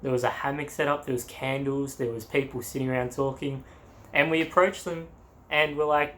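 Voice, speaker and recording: Young Australian man, mid-pitch, casual animated storyteller, laughs a lot. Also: brisk, a little hiss or hum. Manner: animated, acts out quotes, laughs often. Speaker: travel vlogger.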